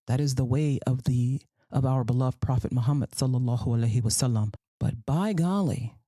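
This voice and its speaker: A woman's voice: low-pitched, mellow, no room sound. A woman hosting a solo commentary podcast, sarcastic and profane, who repeats phrases for emphasis and slips into mocking voices. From United States. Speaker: podcast host.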